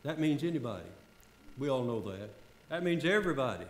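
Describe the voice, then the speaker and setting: A man's voice: mid-range voice, big pitch swings, fairly quick. An older man preaching a fervent sermon as pastor, repeating phrases for emphasis. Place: church sanctuary. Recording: echoey church sanctuary.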